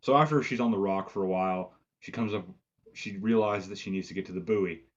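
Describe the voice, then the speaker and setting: Deep husky man in a profane recap. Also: brisk, dull audio. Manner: profane, rambling, lots of "like" fillers. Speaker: movie reviewer. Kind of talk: casual film review recap.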